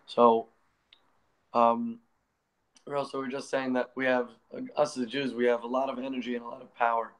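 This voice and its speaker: A man leading an online class discussion over a video call, briskly calling on each speaker in turn. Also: mid-range voice, level tone, poor audio. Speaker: class leader.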